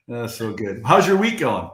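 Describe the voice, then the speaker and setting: A Canadian man joining a chat as a guest over a video call, friendly and laughing easily, with halting phrases. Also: mid-range voice, fairly bright tone. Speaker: guest consultant. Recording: echoey video call audio.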